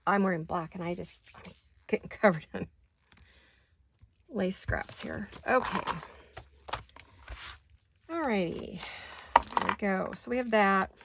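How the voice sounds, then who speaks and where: An older woman with a hoarse, gravelly voice chats easily as she works on a craft project at home. She thinks out loud and drifts into little asides. Her pitch sits right in the middle, and faint noise hums behind her. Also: takes it slowly, pauses often. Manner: chatty, thinking aloud, wandering asides. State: hoarse, deep voice. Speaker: craft vlogger. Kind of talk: casual chat while crafting.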